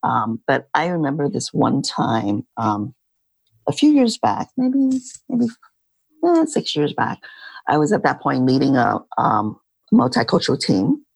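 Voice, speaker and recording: Middle-aged female guest, husky with a gravelly edge, reflective and halting, dry recording. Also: very deep voice, wildly swooping pitch, darkish tone, dry recording. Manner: halting, reflective, many fillers. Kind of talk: casual interview talk.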